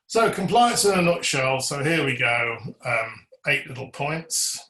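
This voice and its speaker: Speaking at a measured pace with a sharp tone and wide swings in pitch, a man of medium pitch leads an electrical compliance webinar. He presses his audience with pointed questions, tells a colleague when to advance slides, and comes across earnest and emphatic. There's a roomy echo.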